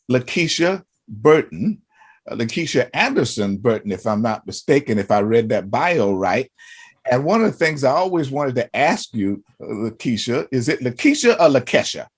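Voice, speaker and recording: A man's voice: medium pitch, lively intonation, moderate pace, husky. A man hosting an interview show, asking long, rambling questions full of restarts and fillers. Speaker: host.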